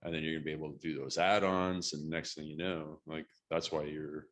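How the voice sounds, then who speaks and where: Male interview host, very low voice, conversational, quick to affirm. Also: little pitch movement, fairly bright tone.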